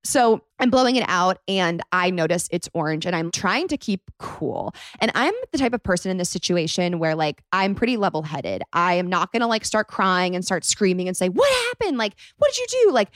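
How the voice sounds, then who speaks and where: A young woman in her twenties hosting a podcast, telling a rambling, animated story full of "like.". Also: on the low side, normal speed, hardly any pauses, dry recording, clean studio sound. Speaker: podcast host. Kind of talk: casual storytime monologue.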